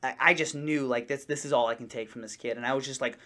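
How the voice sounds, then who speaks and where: A man co-hosting a casual podcast, telling stories in a rambling, animated way with many restarts. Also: medium pitch, fast talker. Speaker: podcast co-host. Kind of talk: casual chat.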